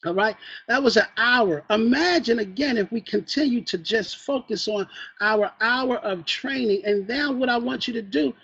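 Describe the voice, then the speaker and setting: Husky man giving a preachy training talk. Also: extremely high pitch, normal speed, sharp tone. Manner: preachy, calls for "amen" and asks the listeners questions. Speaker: team trainer. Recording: dull lo-fi recording.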